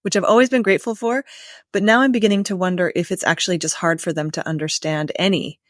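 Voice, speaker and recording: A woman's voice: fairly low pitch, steady tone, fast, dry recording, studio quality. An American woman hosting a podcast, chatting casually and asking long, thoughtful questions. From United States. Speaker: podcast host. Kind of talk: casual interview chat.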